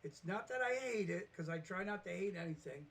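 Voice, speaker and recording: A man with a fairly high voice talks off the cuff in a vlog. He rambles, trips over his starts and throws himself into acting out every back-and-forth. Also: fairly quick, creaky. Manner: rambling, animated, restarts and acts out quotes. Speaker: vlogger. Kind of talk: casual storytelling monologue.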